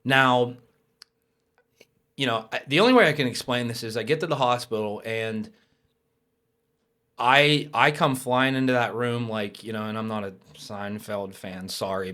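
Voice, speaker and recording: A young adult man telling a personal story as a podcast guest, lively and casual, with swearing. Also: mid-range voice, normal speed. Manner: animated, swears, acts out quoted voices.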